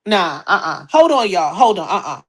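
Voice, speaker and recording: A woman hosting a podcast in casual gossip commentary, loud, laughing often, profane and animated. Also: on the low side, normal speed. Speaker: podcast host.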